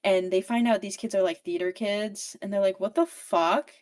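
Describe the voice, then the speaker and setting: Woman, podcast host, casual book recap, animated, swears a lot. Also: medium pitch, a little fast. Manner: profane, animated storytelling.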